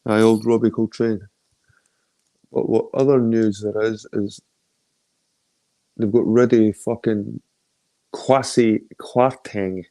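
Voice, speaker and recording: A middle-aged man with an Edinburgh Scottish accent rambles through a casual phone live stream, swearing freely and greeting viewers as they join. His voice sits fairly low, and the sound is dry and close with almost no room in it. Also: little pitch movement, takes it slowly, pauses often, warm tone, dry recording. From Scotland. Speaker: livestream host.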